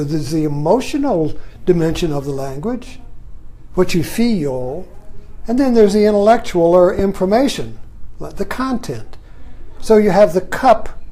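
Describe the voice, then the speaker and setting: A man's voice: sits high, mellow. An older man giving a rambling, reflective monologue, often adding "you see" as he thinks aloud. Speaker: vlogger. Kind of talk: musing monologue.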